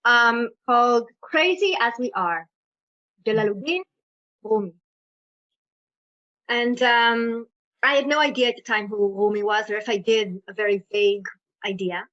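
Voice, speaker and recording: An Israeli woman with an American accent, a storyteller guest telling a personal story in an interview over a video call, in an animated, playful way. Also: on the high side, measured pace, pauses often. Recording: muffled lo-fi audio.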